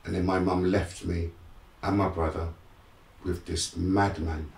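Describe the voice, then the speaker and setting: A middle-aged motivational speaker, appearing as a guest, frankly tells his life story in a streetwise way, growing animated when re-enacting moments. His deep, unhurried voice has vocal fry, captured on a distant mic with a roomy sound and slight background noise.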